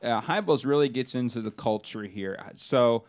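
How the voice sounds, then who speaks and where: A man's voice: medium pitch, expressive, normal speed. A man co-hosting a casual studio talk show who introduces the stories in an easygoing, enthusiastic way. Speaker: co-host presenting stories.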